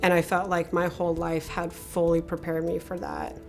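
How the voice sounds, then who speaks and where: A woman with a low, gravelly voice talks in a documentary interview. Her pitch stays flat as she pauses and searches for her words. Soft music plays underneath. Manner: halting, reflective. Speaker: patient.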